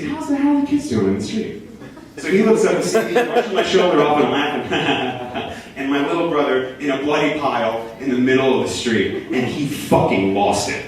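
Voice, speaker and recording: Animated young man telling a story on stage. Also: a little high, slight background noise. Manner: animated, rising to near shouts at peaks. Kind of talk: live comic storytelling on stage. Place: small theater stage. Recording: echoey room from a distance.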